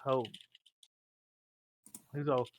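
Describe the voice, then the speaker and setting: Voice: mid-range voice, flat delivery, drawn-out words, no room sound. A player in a tabletop game, speaking hesitantly with many fillers. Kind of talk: casual tabletop play.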